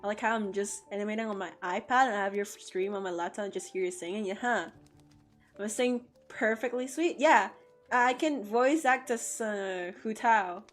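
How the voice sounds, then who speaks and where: A woman's voice: medium pitch, moderate pace, soft background music. A woman art streamer in casual live-stream chat, playful and joking, often laughing.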